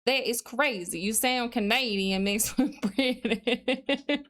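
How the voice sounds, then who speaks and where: A woman's voice: on the high side, takes it slowly, fairly bright tone. A woman streamer chatting casually on a live stream, reading chat messages aloud, answering them, and thinking aloud while she studies.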